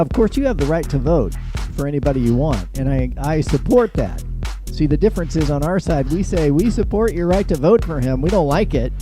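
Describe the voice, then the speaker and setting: A middle-aged man hosting a live political monologue, joking and sarcastic, laughing at his own jokes and mocking others with put-on voices. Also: on the high side. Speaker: show host.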